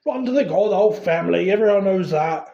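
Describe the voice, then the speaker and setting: A huge, kindly giant of a gamekeeper booms out blunt words, as a storybook reader puts him on. The tone is mellow and the recording dull and lo-fi. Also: animated, brisk, vocal fry. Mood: gruff.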